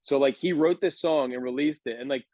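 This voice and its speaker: A man's voice: mid-range voice, brisk, dark tone, dry recording. A man in his thirties telling a long, rambling story on a podcast, laughing as he goes. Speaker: podcast guest. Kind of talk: casual chat, storytelling.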